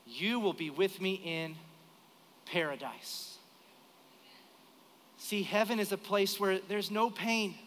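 Bright-voiced man preaching in a reverberant church. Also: high voice. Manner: storytelling, animated, acts out dialogue. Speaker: pastor. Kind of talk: sermon. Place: church sanctuary during live service. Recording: live church hall with reverb.

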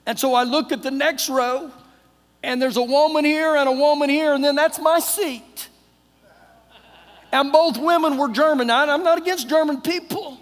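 A middle-aged man with a Texan accent preaching a sermon, telling a personal story in a folksy way, acting out dialogue, his voice swinging between loud and hushed. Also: very high-pitched, fairly even intonation, normal speed. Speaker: pastor. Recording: long hall reverb.

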